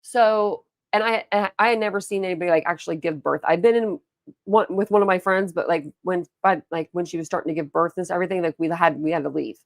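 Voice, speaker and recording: Gravelly-voiced woman chatting on a livestream. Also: fairly low pitch, fast, no room sound, studio quality. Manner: rambling storytelling, chatty, reads and answers chat. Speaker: livestream host. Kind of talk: casual livestream chat.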